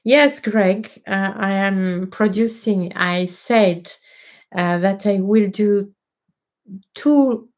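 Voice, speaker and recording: A woman's voice: medium pitch, very slow, darkish tone. A woman with a French accent, a native French speaker, hosting a casual live question-and-answer stream, hesitant with many fillers and restarts. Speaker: livestream host answering viewer questions.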